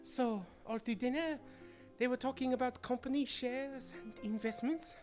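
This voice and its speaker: A streamer voicing a naive, chirpy young noble lady in a high sing-song put-on voice while playing a story game. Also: moderate pace, a little mellow, faint music behind, natural voice.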